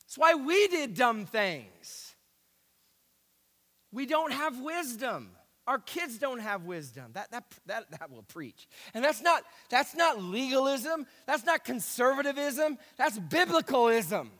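A man preaching a sermon as pastor, emphatic and animated, repeating key phrases. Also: very high voice, slow. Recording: echoey hall.

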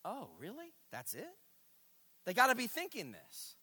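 A man pastor preaching a sermon in a church sanctuary, with emphatic bursts and hushed asides. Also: very high voice, huge pitch swings, measured pace, slightly rough. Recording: reverberant hall.

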